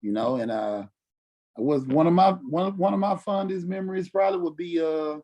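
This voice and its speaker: A former football player from Mississippi, telling stories casually and acting out quotes with lots of "you know what I'm saying". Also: male voice, on the high side, moderate pace, dark tone. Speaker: former NFL fullback, podcast guest. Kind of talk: casual storytelling interview.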